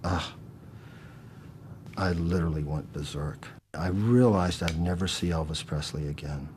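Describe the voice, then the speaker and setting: An older man recalling events in a documentary interview, halting at first, then blunt and emphatic. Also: sits low, darkish tone, slight background noise.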